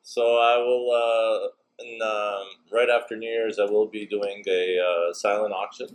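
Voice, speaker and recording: A man who owns a restaurant, talking as a guest in a casual chat, halting with many fillers. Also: on the low side, flat delivery, rough recording.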